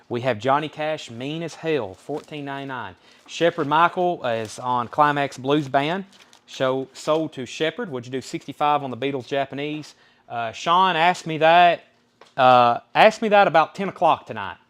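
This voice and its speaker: A man with a Southern US accent hosting a live online record sale, calling out album titles, prices and the names of buyers in a folksy, unhurried way. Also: mid-range voice, fairly bright tone. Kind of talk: live-stream sales patter.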